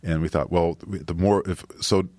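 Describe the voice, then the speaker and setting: A man, a filmmaker guest on a podcast, speaking softly and haltingly with many restarts. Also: deep voice, fairly even intonation, no echo. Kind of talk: casual interview chat.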